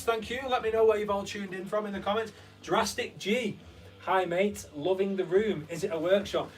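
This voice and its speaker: A young man hosting a relaxed live stream, rambling through stories and reading out viewer comments as he answers them. He sits a bit back from the microphone, and faint guitar music plays in the background of the room. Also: mid-range voice. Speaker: host. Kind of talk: casual live-stream chat. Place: converted recording studio room. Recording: slightly distant mic with faint guitar music.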